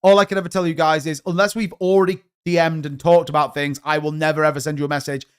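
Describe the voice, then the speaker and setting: A man hosting a livestream, chatting with viewers in a quick, excitable way. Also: on the high side, clear, resonant tone. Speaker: crypto livestream host. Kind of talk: casual livestream chat.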